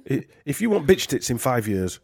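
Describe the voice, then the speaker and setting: A man's voice: mid-range voice, big pitch swings, normal speed, creaky, a little mellow, no room sound, studio quality. A man with a Yorkshire accent hosting a casual podcast chat, rambling and joking with lots of fillers. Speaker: podcast host.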